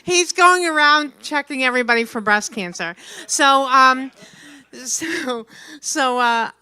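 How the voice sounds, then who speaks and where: A woman's voice: sits high, slow, sharp tone, clear, resonant tone, no room sound. A woman from New Jersey doing a blunt, brash stand-up comedy set at an open mic. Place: small venue open mic.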